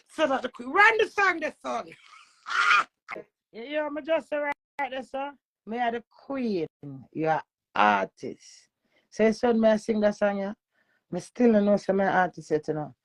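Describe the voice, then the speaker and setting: A woman's voice: a little high, animated, measured pace, fairly bright tone, no room sound. A woman with a Jamaican accent chatting casually on a livestream, playful and boastful in patois. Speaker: livestream host.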